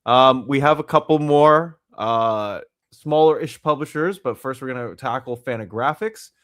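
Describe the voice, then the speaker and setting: A man hosting a podcast in casual chat, reading out comic titles and prices with frequent filler pauses. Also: medium pitch, a bit bright, dry recording, studio quality. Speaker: podcast host.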